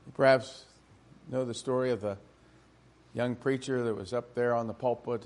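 A man's voice: mid-range voice, fairly even intonation, normal speed, long pauses, darkish tone. A man preaching a sermon to a congregation in church, emphatic and full of rhetorical questions.

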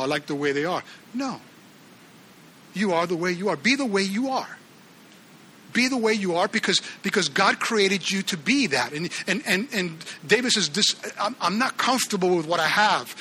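Guy preaching, high bright voice, really animated, keeps restarting his lines. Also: slight background noise. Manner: animated preaching, acts out the Bible characters' lines. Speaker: pastor. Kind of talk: sermon.

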